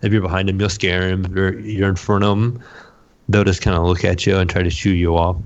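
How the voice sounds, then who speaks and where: Deep-voiced man, rambling podcast chat. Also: level tone, a little fast, dull audio. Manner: rambling, repeats words, many fillers. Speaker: podcast co-host. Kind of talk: casual chat about video games.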